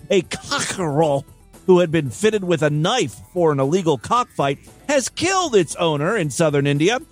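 A male podcast host with a fairly high voice that swoops up and down all the time. He reads strange news with comic timing and keeps cutting in with wisecracks and mock outrage. A little music sits faintly behind him. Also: no room sound.

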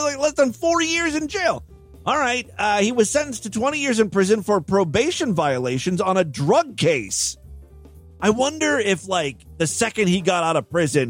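Brief: high, animated male commentator, sarcastic and profane, faint music underneath. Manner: sarcastic, profane, mocking asides. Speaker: comedic news commentator. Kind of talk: reading and mocking news stories.

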